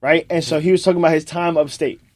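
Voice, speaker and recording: A man's voice: a little high, little pitch movement, fast, background noise. A young man with a New Jersey accent, co-hosting a podcast in loose, profane, laughing banter. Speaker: podcast co-host. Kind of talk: casual chat.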